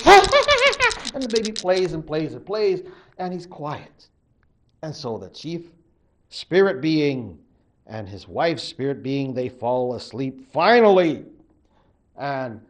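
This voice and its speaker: A man teaching as a college literature professor, retelling an old legend in a chatty, animated storytelling manner. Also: a little high. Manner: chatty, animated, acts out voices. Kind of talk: storytelling lecture.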